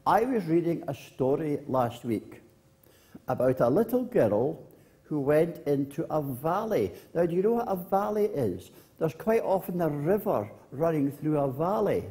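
Minister, children's talk, slow and lively in pitch, mellow tone, church. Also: male voice. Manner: slow, gentle storytelling. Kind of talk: children's address.

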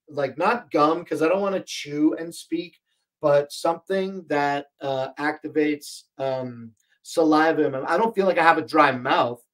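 A man hosting a livestream shopping show from a home studio, chatting casually and rambling with many fillers, his voice strained and breaking. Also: fairly high pitch. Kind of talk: casual livestream product chat. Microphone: desk microphone, more than an arm's length away.

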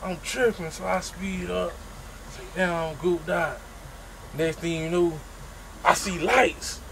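A man telling a funny story about himself in a casual, profane, animated way, making his own sound effects. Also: high voice, slow, gravelly, heavy background noise.

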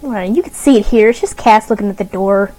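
A woman's voice: mid-range voice, quick pace, mellow, poor audio. A young woman from Arkansas with a light Southern accent, reading a creepy story aloud to viewers on a stream, giggling nervously and breaking in with her own remarks. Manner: giggly, nervous, reacting between read-out lines.

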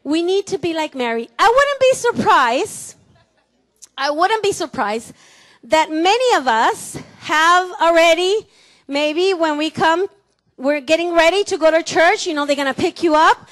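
A high-pitched woman with a Mexican Spanish accent preaches a sermon in a church. She teases her congregation, laughs easily and has them repeat words back to her. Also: animated, measured pace, a bit bright. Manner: playful, laughing, calls for congregation responses. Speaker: pastor. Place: church sanctuary.

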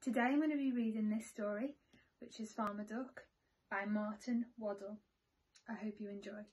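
A woman teacher reading a picture book aloud to children in a slow, expressive storytelling manner. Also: medium pitch, slightly rough.

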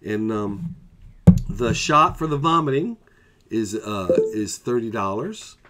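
A man's voice: on the low side, animated, slow pace. A man telling a personal story in a casual vlog, rambling, with fillers and asides.

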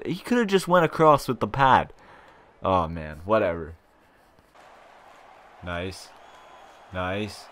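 Excitable young man commentating gameplay. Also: lowish voice, a little hiss or hum. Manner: excitable, swearing, swings from grumbling to shouting. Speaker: gaming YouTuber.

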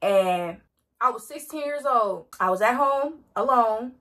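Young woman, casual storytime vlog, lively swooping pitch, breathy. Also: measured pace. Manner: animated, slangy, dramatic retelling. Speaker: vlogger.

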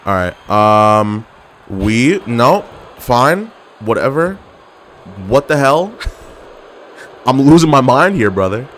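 Young male gameplay commentator, mouthy and excitable, pitch jumping all over, faint background noise. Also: slow pace, long pauses. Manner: trash-talking, excitable and exasperated. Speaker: gaming commentator.

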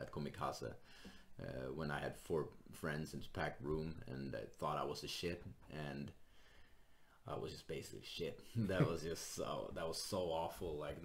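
A man, a stand-up comedian and podcast guest, telling stories casually, laughing often and acting out other people's voices. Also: very deep voice. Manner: animated, laughs often, acts out voices, swears. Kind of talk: casual storytelling.

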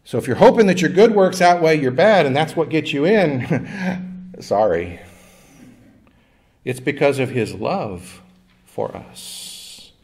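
A man's voice: fairly high pitch, very animated, takes it slowly, pauses often, darkish tone. A male pastor giving a conversational sermon in a church, with jokes and call-and-response with the congregation. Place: church sanctuary.

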